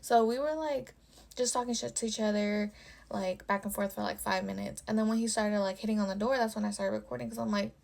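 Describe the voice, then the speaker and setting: A young woman tells a personal story for her vlog in a loose, offhand way. Her voice has a lot of gravelly vocal fry. She swears freely and fills nearly every phrase with "like.". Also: mid-range voice, brisk, a little mellow. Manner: casual and profane, with constant "like" fillers. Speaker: storytime vlogger.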